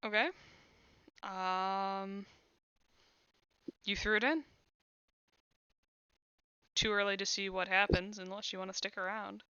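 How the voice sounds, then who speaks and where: A woman's voice: mid-range voice, fairly even intonation, slow, long pauses, bright, forceful tone, smooth, no room sound, dull audio. A woman running a tabletop game as game master, narrating casually and adding playful sound effects.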